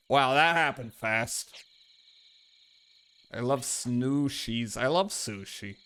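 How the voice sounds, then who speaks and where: Guy streaming a game, jokey, swears a bit, slow easy talk, bright voice. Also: mid-range voice, clean tone. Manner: joking, swears offhandedly. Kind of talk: casual commentary while playing a game.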